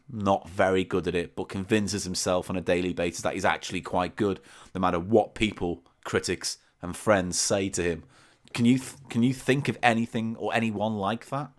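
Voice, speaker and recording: A man's voice: sits low, moderate pace. A man co-hosting a comic podcast, reading facts from a book and teasing his partner with dry asides. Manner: reads aloud from a book, teasing and deadpan asides. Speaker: podcast co-host reading a story.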